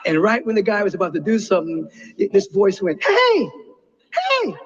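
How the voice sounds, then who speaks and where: A male spiritual teacher preaches with passion, swinging from hushed intensity to soaring highs. His voice sits a little high and sounds husky. The recording is dull and lo-fi. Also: quick pace, in a large hall. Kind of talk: inspirational sermon.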